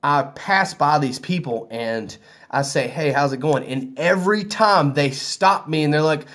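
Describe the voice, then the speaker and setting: A man with a Southern US accent chats to camera in a loose, rambling way, his voice sitting a little high. He sounds easygoing and conversational, like he is talking to friends from a hotel room. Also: measured pace, a bit bright. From American South. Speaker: vlogger. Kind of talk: casual storytelling to camera.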